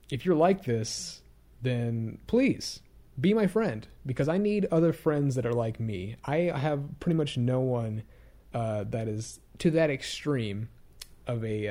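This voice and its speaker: A man's voice: mid-range voice, animated, slow pace, dark tone. A young man talking casually to his own channel, rambling and hesitant, often restarting his sentences, candid and hard on himself. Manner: candid and self-critical. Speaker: YouTuber. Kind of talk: casual reflective vlog monologue.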